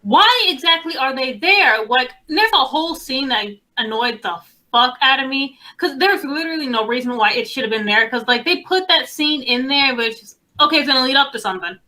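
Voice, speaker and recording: Casting: young female co-host, bright and slightly high voice, blunt and fed up. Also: animated, brisk, few pauses, rough recording. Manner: blunt, exasperated, swears freely. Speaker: podcast co-host. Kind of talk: casual chat.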